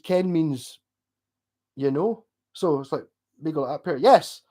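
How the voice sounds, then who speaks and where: A man's voice: fairly high pitch, unhurried. Chatty Glasgow-accented man. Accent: Scottish, Glasgow. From Scotland. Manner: rambling, animated, swears, laughs often. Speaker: streamer chatting with viewers. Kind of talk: casual livestream chat.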